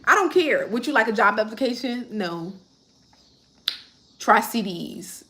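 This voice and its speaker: A woman's voice: on the high side, animated, unhurried, bright, forceful tone. A woman, chatting casually on a livestream and answering viewer comments as she rambles. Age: 30s.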